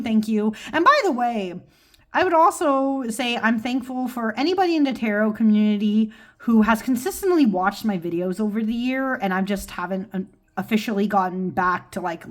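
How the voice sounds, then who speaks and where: A woman tarot vlogger from California, chatting casually to her viewers in a rambling, self-deprecating way, with lots of ums and laughs. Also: a little high. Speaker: tarot YouTuber. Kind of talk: casual rambling video chat.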